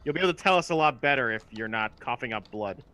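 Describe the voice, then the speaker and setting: A level-headed male medic talks a hurt stranger down, voiced by a player in a tabletop game. His voice is bright and forceful, his manner calm and reassuring. He sounds like someone used to giving first aid under pressure. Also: medium pitch, quick pace. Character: steady male medic character.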